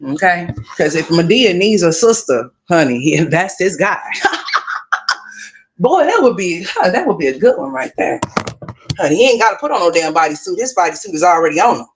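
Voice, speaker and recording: A woman's voice: on the low side, big pitch swings, normal speed, husky. A woman hosting a casual gossip commentary livestream, sassy and profane, talking straight to her viewers.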